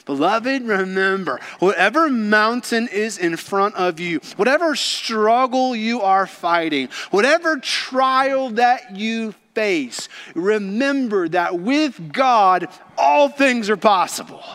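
A man preaching a sermon, swinging from loud exclamations to hushed whispers with slow, deliberate emphasis. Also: high voice, lively intonation. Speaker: pastor.

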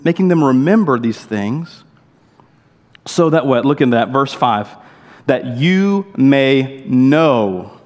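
A man preaching a sermon as a pastor, emphatic and full of rhetorical questions and quick asides. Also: medium pitch, a little mellow. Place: church sanctuary. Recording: long hall reverb in a church sanctuary.

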